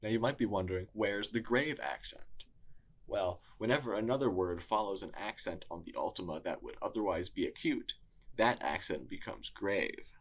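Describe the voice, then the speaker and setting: Low-voiced guy explaining a lesson step by step, kinda gravelly. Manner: measured, explanatory. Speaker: tutor. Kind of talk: scripted lesson narration.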